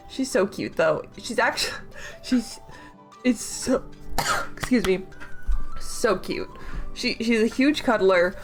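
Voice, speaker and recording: A young woman hosts a casual livestream and rambles freely, with plenty of fillers and giggles. Her voice sits fairly high for a woman. Faint music plays beneath her talk. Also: animated, a little slow, long pauses. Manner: giggly, rambling, laughs often. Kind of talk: casual chat stream.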